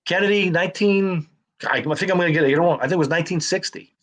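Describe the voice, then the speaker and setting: A man, a comedian guest, chatting casually and telling jokes as a quick, self-deprecating storyteller. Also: high voice, a bit bright.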